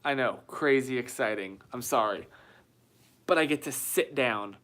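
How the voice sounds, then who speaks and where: A man's voice: medium pitch, measured pace, a bit bright. Guy chatting on a phone live stream, jokey and self-deprecating, small bare room. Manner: reads viewer comments aloud. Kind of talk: casual live-stream chat. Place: small room with white walls.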